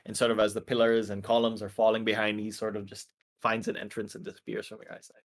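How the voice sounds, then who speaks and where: A man narrating as game master in a relaxed, descriptive way. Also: lowish voice, quick pace.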